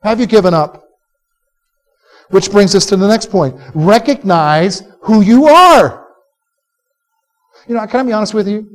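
A male pastor preaching a sermon to a live congregation, animated and conversational, quizzing listeners to answer back. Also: high voice, fairly quick, pauses often. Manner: direct, conversational asides to the listeners. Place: church service before a live congregation.

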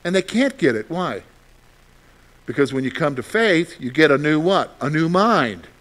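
Male pastor, sermon, fairly high voice, animated, asks the congregation questions. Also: moderate pace, rough recording. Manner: candid, shares personal frustrations.

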